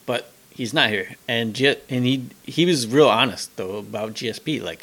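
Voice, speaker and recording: Low-voiced rambling podcast man. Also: normal speed, a bit bright. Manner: rambling, retells quotes with many fillers. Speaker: podcast co-host. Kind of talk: casual chat.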